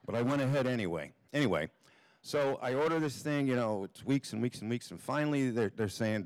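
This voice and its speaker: A man's voice: medium pitch, expressive, normal speed, no echo. A man telling a comic story live on a theater stage, in a wry, offhand way with plenty of swearing.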